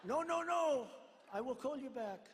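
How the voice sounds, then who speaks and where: A man's voice: very high voice, lively intonation, a little slow, a little hiss or hum, pitched above the performer's own voice. A man doing a mock French president with a put-on accent. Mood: panicked. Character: fawning French male president, then panicking. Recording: long arena reverb.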